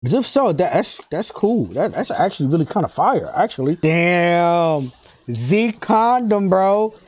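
A man hosting an anime reaction video, talking in excited, slangy casual commentary, laughing often and repeating himself. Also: sits high, a little fast, husky. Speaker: anime reaction channel host.

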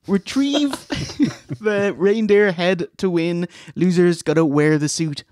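A man's voice: high-pitched, takes it slowly, darkish tone, no room sound. Dry man recapping wrestling. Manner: reads play-by-play recaps with dry jokes. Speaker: co-host recapping the show. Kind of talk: casual review chat.

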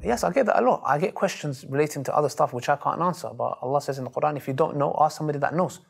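A man, telling stories in an interview in a lively, emphatic way and acting out the voices he quotes. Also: a little high, racing, gravelly, husky. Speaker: Muslim preacher interviewed. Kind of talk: animated storytelling in an interview.

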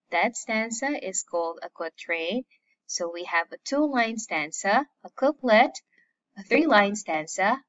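A woman's voice: medium pitch, a bit bright, muffled recording. A woman teacher from the Philippines giving an online literature lesson, patiently explaining and listing terms one by one.

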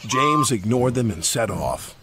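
A man narrating a storybook tale in an expressive, lively storytelling manner. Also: mid-range voice, a little slow, heavy background noise. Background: music.

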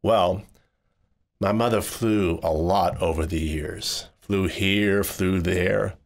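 A man narrating a personal story in the first person, voicing it expressively and jumping higher when he quotes people. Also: slow pace, creaky. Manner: expressive, jumps high when quoting people.

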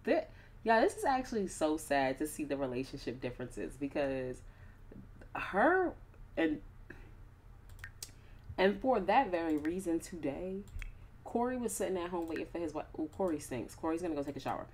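Chatty low-voiced woman gamer. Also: normal speed, darkish tone. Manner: chatty, playful, slangy asides. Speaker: gaming YouTuber. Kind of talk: casual gameplay commentary.

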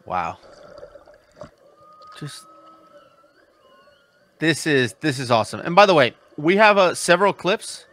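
Bright-voiced man hosting a reaction video. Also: fairly high pitch, takes it slowly, pauses often, a little hiss or hum. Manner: exasperated and dry with his co-host, excited about the clips. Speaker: host. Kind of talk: casual reaction-video chat.

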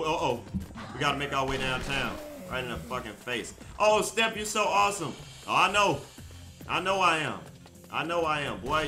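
A man giving casual gameplay commentary, loud, profane and excitable, joking with his viewers. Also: medium pitch. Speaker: gaming streamer. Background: game music.

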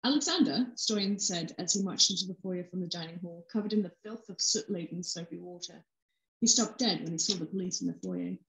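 A woman author reading a passage of her novel aloud with steady, expressive narration. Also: lowish voice, fairly quick. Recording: roomy echo.

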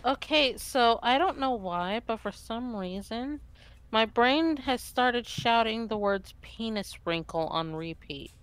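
A woman's voice: fairly high pitch, lively intonation, slow, a bit bright, smooth. A woman in a casual stream chat, ranting bluntly and swearing freely.

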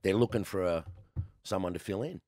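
An Australian man in his sixties, a guest telling lively stories in a casual chat, laughing often. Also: low voice, brisk, no echo, studio quality. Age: 60s. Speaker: guest, former cricketer.

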